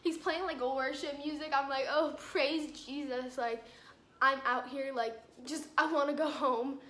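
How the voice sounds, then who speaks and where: Teen girl vlogger, high bright voice, exasperated storyteller, echoey room. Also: moderate pace. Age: teens. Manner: exasperated, filler-heavy retelling. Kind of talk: storytime vlog. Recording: roomy echo with faint ambience.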